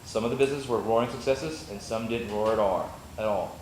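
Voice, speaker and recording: A man hosting a meetup, reading a speaker's introduction quickly, stumbling now and then and throwing in jokes. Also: on the low side. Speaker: meetup host. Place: meeting room. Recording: echoey room with faint noise.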